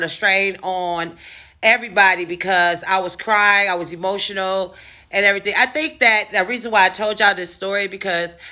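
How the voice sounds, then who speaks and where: A woman vlogger telling a personal story casually, animated and profane, acting out the dialogue. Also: medium pitch.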